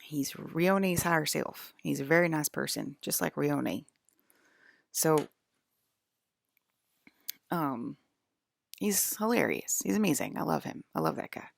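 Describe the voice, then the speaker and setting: A woman's voice: low-pitched, animated, takes it slowly, gravelly, long pauses, dry recording. A woman vlogging in a rambling casual monologue, talking straight to her viewers and repeating her points with emphasis. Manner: emphatic, repeats herself, addresses viewers directly.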